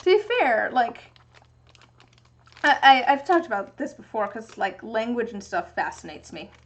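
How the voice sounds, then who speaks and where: A woman's voice: a little high, very animated, moderate pace. A young woman from the US Pacific Northwest chatting casually and thinking aloud during a livestream from her home craft workspace. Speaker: streamer making resin dice.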